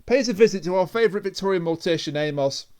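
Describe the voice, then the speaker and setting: Casting: high-pitched male co-host, dry teasing humor, relaxed podcast chat. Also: fast talker. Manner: dry, teasing, laughs often. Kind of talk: casual review chat.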